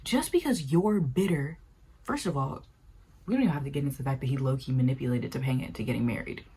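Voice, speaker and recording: A young woman giving casual commentary on a sitcom, animated and exasperated, acting out quotes with big jumps in pitch. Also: fast talker, slightly rough. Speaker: video essay creator.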